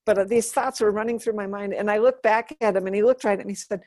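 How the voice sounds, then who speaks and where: Here is a middle-aged woman speaking as a guest, telling a story in a lively, conversational way and slipping into the voices of the people she quotes. Her voice sits at a medium pitch, and the recording is close and dry with no room sound. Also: fast, dry recording. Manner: animated, acts out quoted dialogue. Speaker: interview guest.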